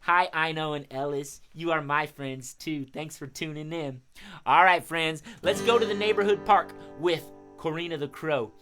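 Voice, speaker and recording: A man hosting a live children's music show, chatting casually and giving shout-outs to young viewers. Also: fairly high pitch, moderate pace. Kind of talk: casual live-stream chat for kids.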